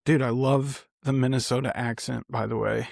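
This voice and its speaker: A man's voice: mid-range voice, steady tone, moderate pace, gravelly, a little mellow, dry recording, clean studio sound. A man co-hosting a podcast in casual chat, laid-back and enthusiastic. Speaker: podcast co-host.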